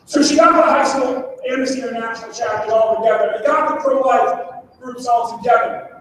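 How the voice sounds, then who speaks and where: A man giving a keynote speech as an animated storyteller who acts out the people he quotes. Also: very high voice, brisk, a little hiss or hum. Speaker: conference speaker. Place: large hall. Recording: echoey hall from far off.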